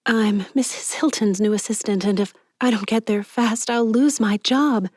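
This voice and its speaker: A woman voicing an anxious young woman in an audiobook, pleading and high-strung as she fakes panic. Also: moderate pace, a little mellow, no echo, clean studio sound, natural voice. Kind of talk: audiobook character reading.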